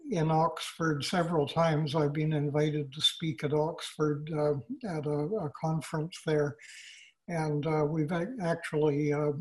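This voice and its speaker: Older canadian guy in an interview, pretty monotone, slow careful answers with lots of uhs. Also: on the high side, low-quality recording. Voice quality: measured, halting with many fillers. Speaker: author guest. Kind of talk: casual interview.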